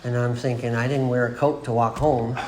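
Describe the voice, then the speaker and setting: In an echoey meeting room with background noise, a man in his forties speaks at an AA meeting, sharing his recovery story with the group. His mid-range voice is level, brisk and a touch mellow as he rambles, laughs at himself and acts out what people told him.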